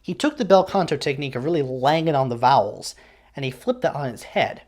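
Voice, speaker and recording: A man's voice: mid-range voice, big pitch swings, fairly quick, darkish tone. A man hosting a classical music channel, reading a scripted educational narration with wry, conversational asides. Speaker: classical music video host.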